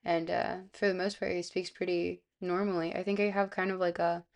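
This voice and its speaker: Young woman with vocal fry, sick. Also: lowish voice, little pitch movement, fairly quick. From South Florida. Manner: rambling, hesitant, lots of fillers. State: sick, slightly hoarse. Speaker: streamer. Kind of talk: casual live-stream chat. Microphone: close streaming microphone.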